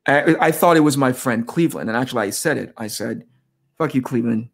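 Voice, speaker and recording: A man in his forties from the United States, a comic artist telling animated anecdotes in a casual interview, acting out quoted dialogue. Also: mid-range voice, fast, creaky.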